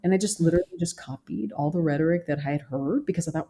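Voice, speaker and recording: Here the therapist and social worker guest has a deep, dark-toned voice and talks quickly. She's emphatic throughout the podcast interview and frequently mimics how others speak.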